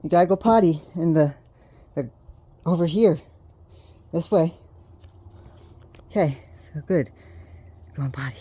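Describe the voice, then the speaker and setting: A woman with a low, warm, slightly rough voice films her puppies inside her home and out in the backyard using a handheld video camera. She talks unhurriedly to the camera with long pauses, coaxing them outdoors and scolding them, sometimes out of breath. She laughs and sighs often in this casual vlog narration.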